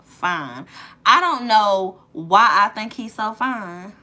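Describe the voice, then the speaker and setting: A woman's voice: medium pitch, animated, takes it slowly, pushed and bright. A woman chatting casually to her viewers on a live stream, gushing and playful, talking straight to them. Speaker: livestream host.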